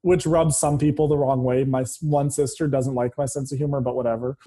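A man speaking as a guest in a casual conversation, open and matter-of-fact, with a dark sense of humor. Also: mid-range voice, fairly even intonation, a little fast, husky.

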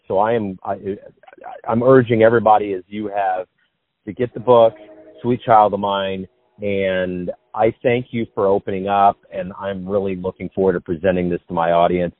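Male host, low and dry, tinny line, quick upbeat wrap-up. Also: no room sound. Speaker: interview host. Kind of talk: interview wrap-up.

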